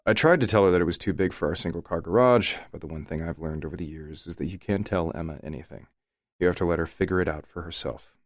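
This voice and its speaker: A man narrating a first-person romance audiobook in a relaxed, wry manner. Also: deep voice, no echo, clean studio sound.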